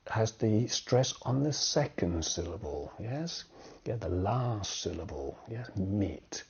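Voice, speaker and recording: A man teaching grammar in a slow, deliberate way, often checking in with "okay?" and "yeah?". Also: on the low side, mellow, husky. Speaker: English teacher. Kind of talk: grammar lesson with acted example sentences. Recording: dull lo-fi sound.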